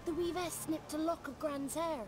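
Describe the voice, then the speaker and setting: A woman's voice: high-pitched, fairly even intonation, normal speed, close to an everyday voice. A woman voicing a scrappy, nervous young boy godling in a video game, talking in a rustic folksy dialect. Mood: telling. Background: game music.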